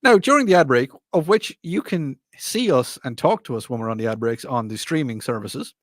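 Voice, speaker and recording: Male radio host, mid-pitch, loose rambling chat with frequent self-corrections, dry close studio sound. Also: animated, brisk, no room sound. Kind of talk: casual chat.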